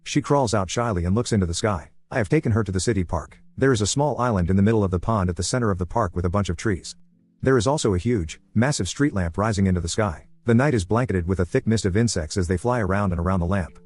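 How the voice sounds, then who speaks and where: A man narrating a first-person story in a calm, even, plain telling. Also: lowish voice, quick pace.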